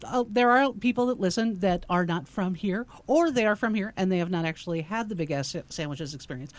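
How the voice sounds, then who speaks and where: A woman's voice: medium pitch, brisk. A woman co-hosting a talk show who tells stories with a few hesitant restarts. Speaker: co-host. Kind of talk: casual chat.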